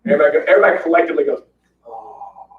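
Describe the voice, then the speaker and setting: A man spins fight stories with a lively, swinging pitch, acting out what people said and breaking into laughs. He sits back from the mic in a roomy space. The sound is dull and muffled. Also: brisk, slight background noise. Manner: animated storyteller, acts out quotes, laughs often. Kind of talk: casual storytelling chat. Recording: roomy, distant, muffled podcast audio.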